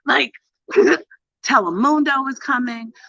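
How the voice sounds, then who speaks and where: A middle-aged woman and PR coach telling a story to camera in a casual, animated way, with emphatic bursts and hushed asides. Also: high-pitched, takes it slowly, vocal fry, no echo. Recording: dull lo-fi, dry sound.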